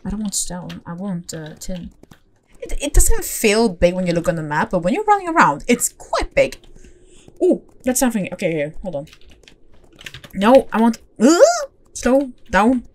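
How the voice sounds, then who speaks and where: A young woman giving casual, excitable commentary as she plays a horse game, talking to herself and the horses with gasps and squeals. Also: mid-range voice, moderate pace, a little hiss or hum. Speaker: gaming channel host.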